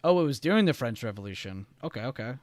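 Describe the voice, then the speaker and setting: A man's voice: medium pitch, very animated, fast talker, dry recording. A young man from the United States hosting a casual trading live stream, rambling and reading chat messages aloud.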